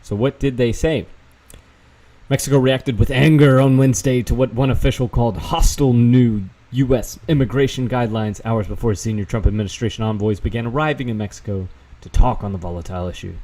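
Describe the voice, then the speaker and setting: Guy ranting over news articles, sarcastic and sweary, mid-pitched voice. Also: a little fast, dark tone. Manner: sarcastic, profane, reads articles aloud with asides. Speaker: vlogger fact-checking news. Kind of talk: casual screen-share commentary.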